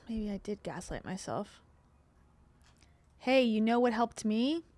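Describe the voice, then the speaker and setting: A woman's voice: on the high side, animated, slow, a little mellow, dry recording. A woman streaming live and reacting to a podcast clip, making sarcastic, exasperated asides and chuckling often. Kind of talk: casual livestream reaction commentary.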